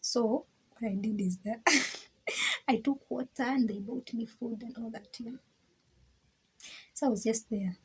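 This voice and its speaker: A young woman vlogger tells a personal story in a chatty way, repeating words, laughing often, and sometimes dropping to a whisper. Her somewhat high, slightly rough voice moves at a measured pace with long pauses, on a rough recording.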